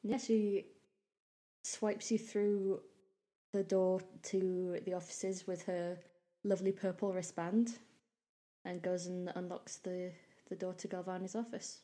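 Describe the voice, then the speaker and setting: A woman runs a tabletop game, describing the scene in a relaxed way. Her voice is mellow and warm-toned. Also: fairly low pitch, slow pace. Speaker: game master.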